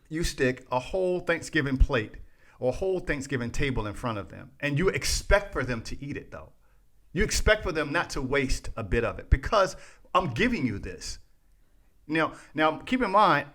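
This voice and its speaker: A man's voice: mid-range voice, pushed and bright. A man co-hosting a podcast, ranting in casual chat, restarting phrases and talking straight to his listeners. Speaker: podcast co-host.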